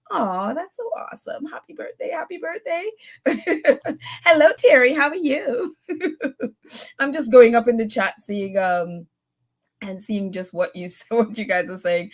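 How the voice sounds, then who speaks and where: A woman hosting a live call-in chat, reading viewer comments and giving her opinions, laughing often. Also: sits high. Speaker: host.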